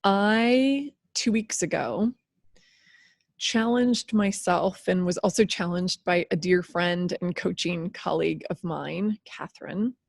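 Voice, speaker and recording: A woman's voice: fairly low pitch, slow, creaky, no room sound. A woman in her fifties hosting a solo podcast, talking candidly and with animation, laughing and swearing freely. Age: 50s. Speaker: podcast host.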